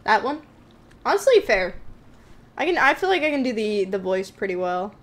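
A very animated woman with a mid-range voice talks fairly quickly as she streams a horror game live. Addressing chat in a chatty, jittery, jokey style, she admits the game scares her.

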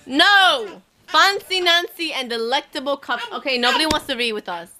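Brief: young woman vlogging at home, high and lively voice, teasing and laughing between lines. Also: normal speed. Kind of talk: casual family vlog chat. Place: home at night.

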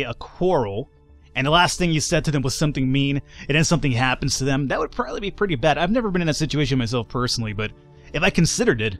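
A man's voice: medium pitch, a bit bright. A man narrating his playthrough of a video game in a rambling, chatty way, with lots of asides. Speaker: let's play host. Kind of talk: casual gameplay commentary.

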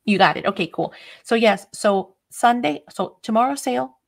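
A woman's voice: a little high, expressive, normal speed, vocal fry. A woman hosting a casual craft livestream, chatty and a bit scattered, often laughing. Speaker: craft channel host.

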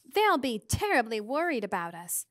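A woman's voice: a little high, sing-song, moderate pace, no echo, studio quality. A woman voicing an earnest teenage girl who sounds worried and pleading.

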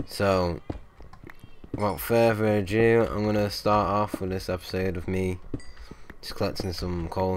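Young guy doing a let's play, lowish voice, swears a lot, faint keyboard clicks behind. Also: a little hiss or hum. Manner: casual, swears often, excitable when in danger. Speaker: gaming channel host.

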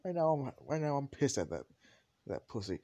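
A man's voice: mid-range voice, very animated, fairly quick, warm tone. A man voicing an angry teenage boy who makes crude threats against a rival in a storybook fan tale. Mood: murderous.

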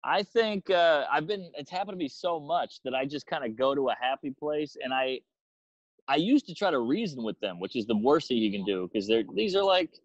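A man's voice: on the high side, animated, normal speed, no room sound, highs cut off. A man, a stand-up comedian, telling a story in casual chat and acting out the people in it with exaggerated voices.

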